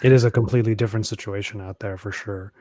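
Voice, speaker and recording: Expressive storytelling man co-host. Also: fairly low pitch, quick pace, no echo. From United States. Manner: storytelling, expressive, laughs while talking. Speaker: podcast co-host. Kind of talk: casual chat.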